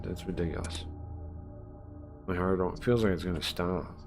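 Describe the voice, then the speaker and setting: A man's voice: deep voice, unhurried, pauses often, faint music behind. A man streaming a horror visual novel, reading its lines aloud and chatting casually in between, with plenty of fillers and asides. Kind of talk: live let's-play, reading game text aloud.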